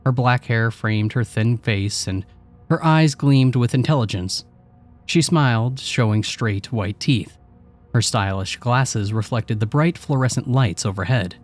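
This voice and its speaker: Brief: male horror narrator, mid-pitched and measured, faint music underneath.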